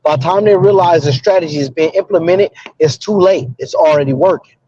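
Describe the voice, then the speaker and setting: A man making a deliberate, insistent point in a casual discussion. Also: on the high side, mellow, breathy edge. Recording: muffled lo-fi audio.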